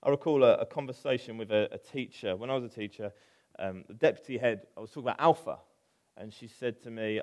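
A middle-aged man preaching a conversational sermon, animated, with asides. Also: medium pitch, quick pace. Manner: animated, acts out quoted voices, conversational with asides.

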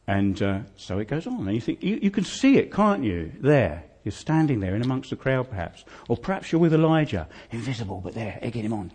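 A man's voice: mid-range voice, big pitch swings, fairly quick, hardly any pauses, a little mellow, slightly rough. Guy preaching a story sermon, chatty, keeps asking the room questions, voice jumps around a lot. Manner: vivid, conversational, asks listeners rhetorical questions. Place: church hall.

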